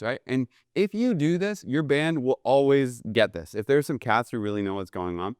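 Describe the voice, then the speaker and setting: A man runs a jazz drum lesson in a smooth, resonant voice, recorded close and dry. He talks casually and eagerly, tossing in "right?" between examples, with a drum kit played in the pauses. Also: mid-range voice, lively intonation, a little mellow, no room sound. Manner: casual, enthusiastic, keeps asking "right?". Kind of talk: instructional video lesson. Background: drum kit played between phrases.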